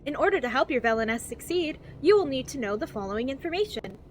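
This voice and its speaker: A woman's voice: sits high, big pitch swings, quick pace, a little hiss or hum. A woman streamer reading game text aloud in a cheery infomercial-style voice and giggling often.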